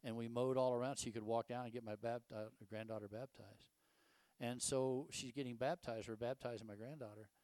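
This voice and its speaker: Folksy older pastor with a drawl. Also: male voice, mid-range voice, fairly even intonation, fairly quick, darkish tone, dry recording. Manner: folksy and conversational, with rhetorical questions. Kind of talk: casual sermon.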